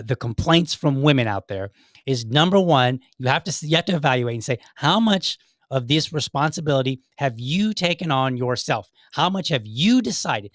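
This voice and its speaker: A man's voice: mid-range voice, a bit bright, no echo, studio quality. A middle-aged man hosting his own podcast, rambling in a chatty way with many restarts. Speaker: podcast host. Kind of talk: casual solo podcast commentary.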